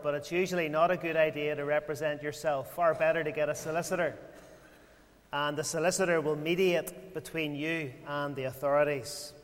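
A man preaching a sermon in a measured way, full of rhetorical questions and repeated phrases. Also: fairly high pitch. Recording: long hall reverb.

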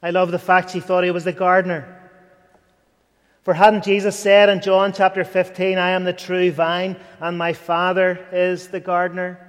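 A man's voice: sits high, completely flat delivery, normal speed, smooth. A man preaching an earnest sermon, rising to fervent and dropping to near whispers. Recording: long hall reverb.

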